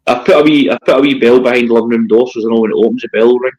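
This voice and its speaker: A man's voice: medium pitch, fairly even intonation, very fast, darkish tone, muffled recording. A Scottish man, a paranormal investigator, joking dryly as a guest in a casual live chat.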